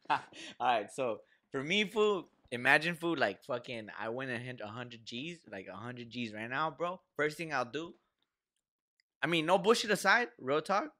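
A man's voice: medium pitch, expressive, normal speed, bright, forceful tone. A young man co-hosting a podcast, telling a rambling, slangy story full of swearing and fillers in casual chat. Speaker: podcast co-host.

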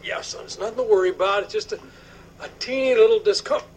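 A man's voice: high voice, fast talker, background noise, lightly acted. An actor playing an ailing father in a hospital bed who groans through his pain and insists he is fine. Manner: groaning, strained, brushing off pain.

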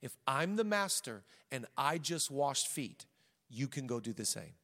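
A preacher doing a casual, slangy Jesus. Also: male voice, mid-range voice, big pitch swings, measured pace, bright, forceful tone, long reverb tail, heavily acted. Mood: gentle. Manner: casual, chatty modern slang. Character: Jesus, a calm, casual, down-to-earth young man.

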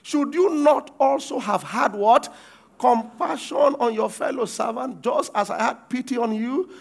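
A man preaching a sermon, reading verses and breaking off to quiz the congregation, acting out the quoted lines with sudden shouts. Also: very high-pitched, measured pace, creaky. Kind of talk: sermon with call-and-response.

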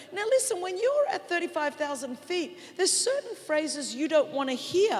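An Australian woman evangelist delivers an emphatic sermon in a high, bright-toned voice, dropping low and then rising to shouted declarations. Her words ring out with the long reverb of a large church hall. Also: big pitch swings, moderate pace, few pauses.

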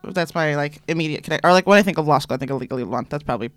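A woman's voice: sits low, rapid-fire, dry recording, faint music behind. A young woman chatting casually as a podcast co-host, laughing easily and trailing off mid-sentence.

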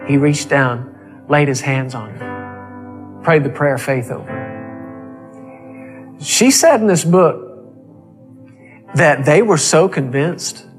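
Slightly high-voiced preacher guy, repeats lines for emphasis, music playing softly. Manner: emphatic, repeats key phrases. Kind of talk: sermon storytelling.

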